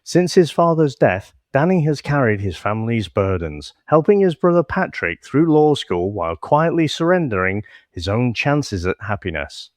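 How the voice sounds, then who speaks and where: Give me a man with a lively, varied pitch reading a film synopsis steadily. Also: normal speed, few pauses, dry recording, clean studio sound. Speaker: podcast co-host.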